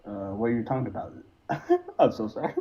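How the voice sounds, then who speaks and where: A man's voice: on the low side, wildly swooping pitch, a little fast, dark tone, a little hiss or hum. A man calling into a live stream debate, distracted and apologetic, swearing casually as he talks. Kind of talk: casual argumentative chat. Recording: dull lo-fi call audio.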